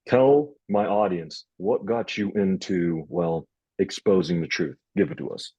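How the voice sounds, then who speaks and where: A young man hosting a casual interview, telling stories in a rambling, animated way. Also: sits low, measured pace, husky, no room sound, highs cut off. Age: young adult. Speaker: host.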